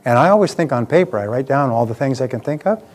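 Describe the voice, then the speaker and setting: A man's voice: mid-range voice, lively intonation, quick pace. A man giving a live motivational seminar talk, emphatic and repeating key phrases for effect.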